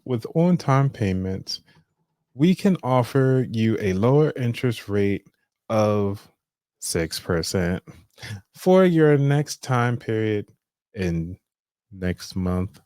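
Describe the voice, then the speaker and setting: A man voicing a courteous credit card phone receptionist in a put-on deep voice. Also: dark tone, dry recording, studio quality.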